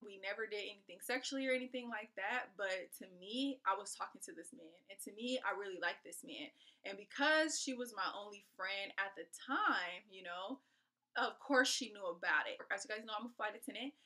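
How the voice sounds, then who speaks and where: A woman from California telling a personal story to her viewers in a chatty, animated way. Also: mid-range voice, fairly quick. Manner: animated, acts out what people said; chatty, addresses viewers directly. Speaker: storytime vlogger. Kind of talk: casual storytelling.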